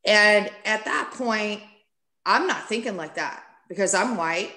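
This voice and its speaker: A woman guest on a podcast, candidly telling a personal story in a casual, animated way and acting out what people said. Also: mid-range voice, a little slow, reverberant. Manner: candid, animated, acts out quoted speech.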